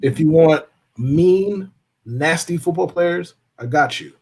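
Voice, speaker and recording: A man co-hosting a live-stream podcast in a casual chat, delivering dry deadpan jabs and slow, punchy lists. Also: a little high, breathy edge. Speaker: podcast co-host.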